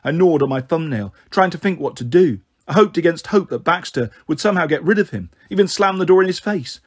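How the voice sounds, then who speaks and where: A man narrating a children's novel in a steady first-person reading. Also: on the high side, husky. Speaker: storyteller.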